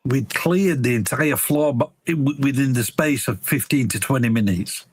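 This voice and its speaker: A middle-aged man, co-hosting a casual podcast in a blunt, sweary way. His voice is husky and a little rough. The sound is dry and close. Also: medium pitch, moderate pace, no echo. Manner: blunt, sweary, stammers at starts. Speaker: podcast co-host. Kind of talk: casual chat.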